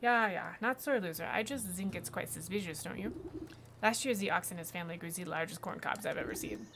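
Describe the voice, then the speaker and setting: A woman voicing a hefty gourd-headed male vegetable farmer with a put-on German accent and a gruff, grumbling manner. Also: lowish voice, animated, a little fast, background noise. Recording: game music playing behind.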